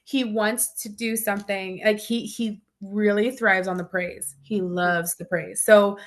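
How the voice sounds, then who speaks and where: A woman's voice: medium pitch, fairly even intonation, measured pace. Chatty woman teacher who laughs often. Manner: chatty, laughs often, acts out children's voices. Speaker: childcare teacher. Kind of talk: casual conversation.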